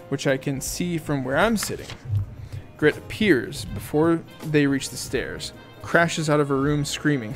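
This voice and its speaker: A man reading first-person audiobook narration in an amused, lively way. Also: mid-range voice.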